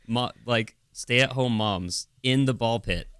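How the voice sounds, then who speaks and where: A man's voice: mid-range voice, slow pace, smooth. A man from America co-hosting a podcast, telling stories in casual chat and laughing often. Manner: animated storytelling, laughs often. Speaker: podcast co-host.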